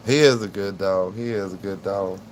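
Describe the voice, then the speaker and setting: A man's voice: low voice, fairly even intonation, moderate pace, a little hiss or hum. A man chatting casually on a livestream, rambling in a laid-back way to his viewers and his dog at home. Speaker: livestream host.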